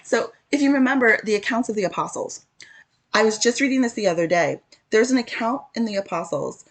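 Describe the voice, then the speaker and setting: A woman's voice: on the high side, animated, a little fast. A woman casually teaching a spiritual lesson to camera, earnestly recounting a story with frequent self-corrections.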